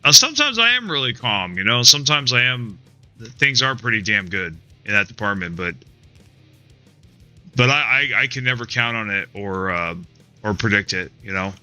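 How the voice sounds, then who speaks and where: A man's voice: medium pitch, lively intonation, moderate pace, pushed and bright, clean tone, soft background music. A man streaming a video game live, talking casually in a rambling, profane, frustrated way, restarting his sentences and tagging them with "man" and "dude". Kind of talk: casual live-stream chat while playing.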